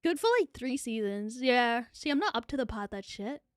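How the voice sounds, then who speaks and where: A woman's voice: on the high side, expressive, normal speed, no room sound, studio quality. A young woman, chatting casually on a livestream and answering viewer comments in a rambling way. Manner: chatty, rambling, repeats phrases, swears casually. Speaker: VTuber streamer.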